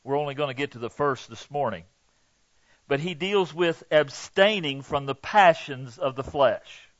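A man's voice: fairly high pitch, moderate pace, dry recording, lo-fi sound. A male pastor preaching a sermon in an earnest, emphatic way, acting out quoted lines.

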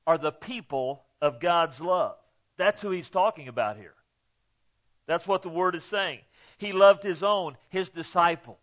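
Slow, emphatic preacher with a higher voice. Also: male voice, animated, muffled recording. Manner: folksy and emphatic, punctuating with "okay?"; swings from quiet asides to loud emphatic peaks. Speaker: pastor. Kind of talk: sermon.

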